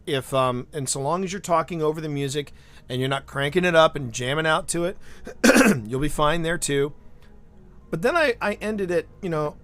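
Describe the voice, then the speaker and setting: A man streaming live, chatting casually and telling stories with lots of restarts and asides. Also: on the high side. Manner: animated storyteller, rambling with restarts. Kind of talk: casual livestream chat.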